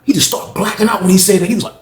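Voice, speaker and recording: A young man telling a story casually, animated, slangy and profane. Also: sits high, very fast, a crowd in the background. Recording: roomy echo, faint background noise.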